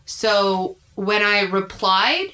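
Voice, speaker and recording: Drawing out her words in a medium-pitched voice, a female comedian in her thirties chats casually as a guest. Her stories are candid, profane, and animated.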